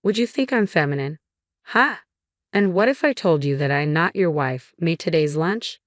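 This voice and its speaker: A woman's voice: sits low, animated, moderate pace, no echo, studio quality. A woman voicing an older male company chairman, a grandfather, who speaks in a firm, reproving way. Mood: probing.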